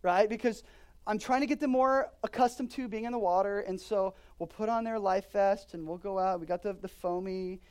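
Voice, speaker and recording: A man's voice: sits high, normal speed, smooth. Impassioned male pastor preaching. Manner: impassioned, swings from loud emphatic declarations to quiet earnest asides. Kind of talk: sermon.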